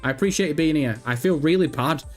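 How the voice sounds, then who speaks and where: Animated man hosting a livestream. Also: on the high side, fast. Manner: animated, rambling, swears freely. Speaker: livestream host. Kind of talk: casual livestream chat reading viewer messages. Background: faint background music.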